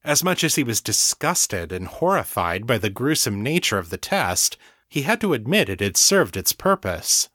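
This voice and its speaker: A man reads fiction aloud with a lively, rising and falling delivery, unhurried and expressive. His voice is mid-pitched and the recording is dry and close, with no room sound. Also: dry recording. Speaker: audiobook narrator. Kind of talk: scripted fiction narration.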